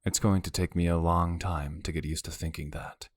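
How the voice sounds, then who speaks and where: A man's voice: deep voice, little pitch movement, normal speed, dry recording. A man narrating a romance audiobook in the first person, with a wry, brooding delivery.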